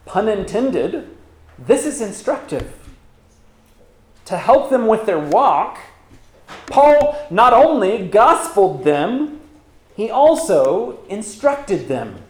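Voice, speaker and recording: Man preaching, high voice, unhurried, emphatic, rhetorical questions, echoey room. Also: sing-song. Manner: emphatic, rhetorical questions, reads scripture aloud. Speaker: pastor. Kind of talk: sermon.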